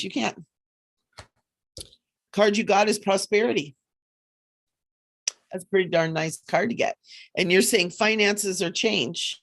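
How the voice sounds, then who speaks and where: A woman hosting a casual psychic livestream, chatty and animated, often laughing as she reads cards. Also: medium pitch, takes it slowly, long pauses. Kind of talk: casual livestream chat with card readings.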